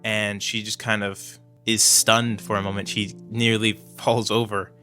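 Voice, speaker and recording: A man's voice: fairly low pitch, flat delivery, unhurried, bright, forceful tone, faint music behind. A man narrating a tabletop game as game master in a hesitant style with many fillers.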